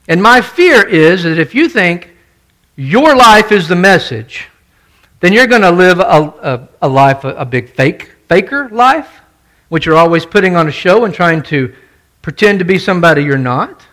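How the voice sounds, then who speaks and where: A man's voice: sits high, big pitch swings, measured pace, sharp tone. A male pastor preaching a sermon, stressing and repeating his key points and putting questions to the congregation.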